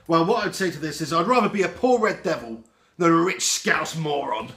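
A young man with a heavy head cold, answering fan questions in a lively, sweary vlog. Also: sits high, slow, faint music behind. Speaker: football fan vlogger. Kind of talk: casual Q&A vlog.

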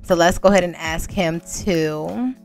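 A woman's voice: fairly low pitch, normal speed, gravelly, faint music behind. A woman giving casual let's-play commentary in a chatty way, laughing often and talking straight to her viewers. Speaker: gaming channel host.

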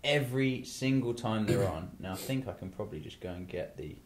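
An English podcast host chats casually on his talk show, rambling with many asides, restarts and repeated "you know"s. His lowish voice is expressive and brisk.

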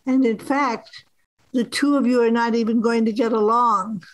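A woman voicing a jealous, scolding God with a booming voice in a told story. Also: fairly even intonation, normal speed, close to an everyday voice, poor audio.

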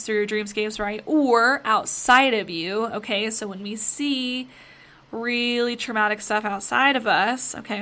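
A woman's voice: a little high, sharp tone. A woman hosting a spiritual podcast, talking casually and directly to her listeners, with lots of fillers. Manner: chatty, filler-heavy, addresses listeners directly. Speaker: podcast host.

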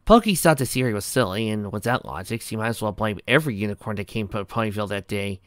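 A man narrating a fan fiction chapter aloud in a plain, even storytelling read. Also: fairly low pitch, fast, no echo, clean studio sound.

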